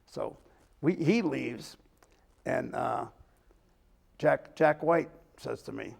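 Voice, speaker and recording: A man's voice: mid-range voice, takes it slowly, gravelly, darkish tone, breathy edge. An older man, a talk show host rambling through a long story and acting out the people in it. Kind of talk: casual storytelling chat.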